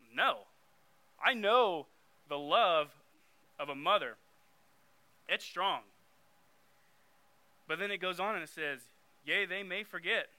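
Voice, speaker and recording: A man's voice: fairly high pitch, sharp tone. A young man giving a conversational sermon, getting emphatic when he reads scripture aloud. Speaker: youth preacher.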